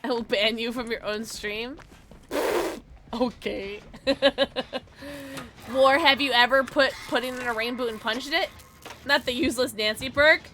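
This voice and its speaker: A woman streaming a video game who chats casually with her viewers, giggly, loud and excitable, and high on edibles. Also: unhurried, pauses often, noisy background. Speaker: streamer and voice actor. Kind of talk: casual game livestream chat.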